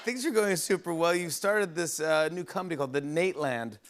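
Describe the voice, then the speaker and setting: A man hosting a talk show interview, quick and excitable, laughing along with his guest. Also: a little high. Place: TV studio with audience. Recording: TV studio with loud audience noise. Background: loud audience noise.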